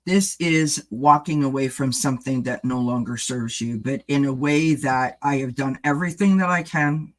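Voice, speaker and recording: A man's voice: medium pitch, moderate pace, few pauses. A man giving a casual live-stream tarot reading, chatting loosely and addressing viewers by name as he rambles and restarts thoughts. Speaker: tarot reader.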